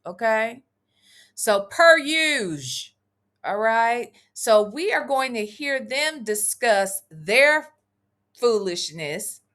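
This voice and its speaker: A woman with a bright, forceful voice that swoops up and down as she talks, speaking. She chats loosely on a live reaction stream, reads viewer comments aloud and drifts between topics. Her tone stays casual, she swears freely, and she laughs as she goes. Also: on the high side, sing-song, very slow. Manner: chatty, wandering, swearing freely, laughing asides. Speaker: commentary vlogger reading live chat.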